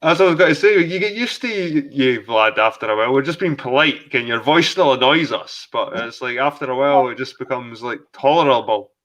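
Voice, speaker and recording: A man's voice: medium pitch, a little fast, few pauses, fairly bright tone. A man in his thirties hosting a casual late-night video call chat, laid-back and swearing freely. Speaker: host.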